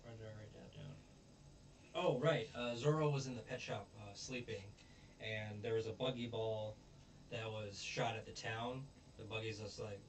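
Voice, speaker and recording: A man's voice: lowish voice, fairly even intonation, moderate pace, a little hiss or hum. A man casually recapping a show episode in a rambling way, full of ums and restarts, sometimes acting out what characters say. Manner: rambling, filler-heavy, acts out quotes. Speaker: show reviewer. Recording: voice distant from the mic.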